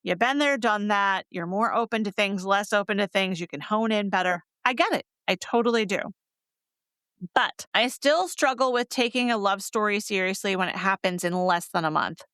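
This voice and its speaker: A woman's voice: medium pitch, animated, moderate pace, fairly bright tone, smooth, no room sound, studio quality. A woman co-hosting a romance book podcast, chatting candidly and laughing easily. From North Carolina. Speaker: podcast co-host reviewing romance novels. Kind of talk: casual chat.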